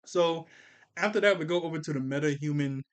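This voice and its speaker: A man's voice: on the high side, a little fast, clean tone. A man recapping a cartoon episode in casual, rambling talk, correcting himself and tired from a long day of recording. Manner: rambling, self-correcting, acts out character lines in a raised voice. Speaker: show reviewer.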